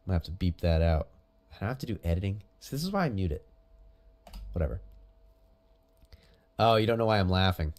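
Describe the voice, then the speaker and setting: A man's voice: deep voice, brisk, long pauses. A man commenting on jiu-jitsu rounds as a coach, casual and chatty, giving pointers and praise. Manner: animated, coaching, chatty asides.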